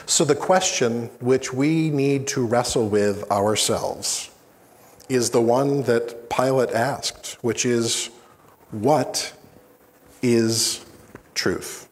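A man preaching a sermon as pastor, slow and deliberate with dramatic pauses. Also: medium pitch. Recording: long hall reverb.

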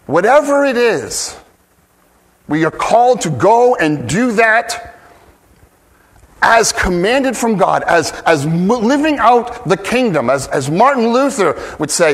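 High-voiced, slow-preaching man. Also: sing-song. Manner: earnest, emphatic preaching with frequent restarts. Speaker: pastor. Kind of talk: sermon.

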